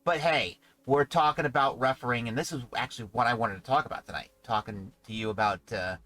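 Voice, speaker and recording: A man's voice: mid-range voice, a little fast, sharp tone, faint music behind, low-quality recording. A man hosting a casual livestream podcast, talking in a rambling, chatty way. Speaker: podcast host.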